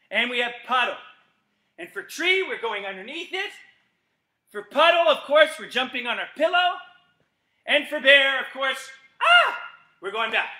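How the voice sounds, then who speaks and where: A middle-aged man, a gymnastics coach leading a live kids' exercise class from an empty gym, energetic and calling out commands with playful yells. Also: very high-pitched. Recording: echoey gym.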